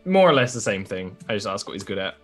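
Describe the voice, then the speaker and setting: A man's voice: fairly low pitch, very animated, fast talker, soft background music. A man playing a tabletop role-play game, talking casually and laughing often. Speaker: player.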